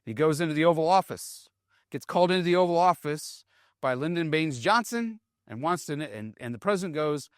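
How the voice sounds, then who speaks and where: A man giving a conversational talk on military leadership, animated and checking in with the audience as he tells the story. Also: on the high side, brisk, no room sound, clean studio sound. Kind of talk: storytelling talk with read-out quotes.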